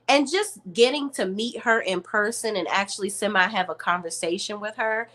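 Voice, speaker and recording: A woman's voice: mid-range voice, normal speed, hardly any pauses. A woman hosting her online show, telling viewers a story in a chatty, slangy way. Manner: animated, slangy, addresses viewers as y'all.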